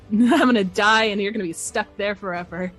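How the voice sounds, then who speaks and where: A woman's voice: medium pitch, moderate pace, fairly bright tone, faint music behind. A woman playing a tabletop game, talking urgently in character and laughing often. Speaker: player.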